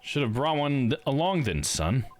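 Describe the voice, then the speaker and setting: A man's voice: mid-range voice, sing-song, normal speed, natural voice. A man doing a hearty older adventurer. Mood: teasing. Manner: boisterous, calls everyone son. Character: hearty older male adventurer, bold and cheerful. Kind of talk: live reading of game dialogue.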